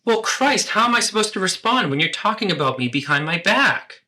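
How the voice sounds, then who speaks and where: A man's voice: mid-range voice, big pitch swings, normal speed, fairly bright tone. A man voicing a self-absorbed, defensive middle-aged mother in a therapeutic role-play, talking over her child. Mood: indignant. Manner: dramatic, guilt-tripping, talks over her child.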